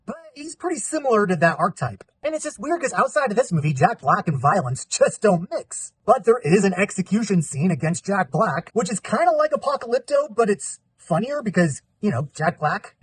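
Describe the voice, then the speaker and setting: A man's voice: high voice, big pitch swings, fairly quick, few pauses, a little hiss or hum. A man in his forties from California hosting an upbeat movie review vlog with jokey asides.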